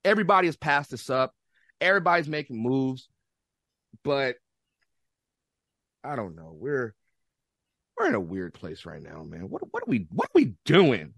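Animated American man in dry, close chat. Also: medium pitch, normal speed, vocal fry, pauses often, dry recording. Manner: animated, rambling, with many restarts and slangy outbursts. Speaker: guest football fan. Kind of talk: casual podcast chat.

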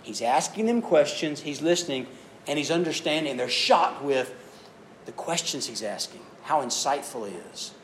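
A man preaching to a youth group, telling stories and acting out voices with animated delivery. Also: a little high, normal speed, slight background noise. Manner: animated storytelling, acts out voices. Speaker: youth speaker. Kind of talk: youth sermon.

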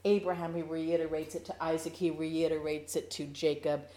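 A woman teaching a verse-by-verse Bible study for women, playful and animated, acting out the quotes, then earnest and urgent when she exhorts. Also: low-pitched, moderate pace. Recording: roomy echo.

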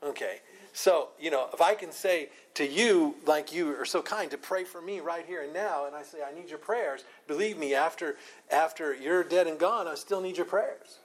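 A man teaching an informal Bible study. He is animated, often repeats and restarts words, and laughs a lot. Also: fairly high pitch, moderate pace, low-quality recording.

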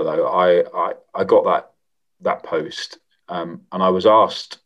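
A middle-aged man, a former member of parliament, answering interview questions in a measured, reflective way with frequent pauses and restarts. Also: sits low, breathy edge. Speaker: former MP, guest.

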